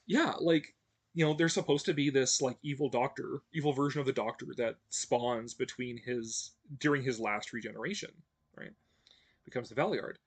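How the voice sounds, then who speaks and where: A man hosting a livestream, chatting casually with viewers in a rambling way, with many fillers and restarts, growing animated when excited. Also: mid-range voice, normal speed, husky, no echo. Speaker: livestream host. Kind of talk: casual fan chat answering viewers.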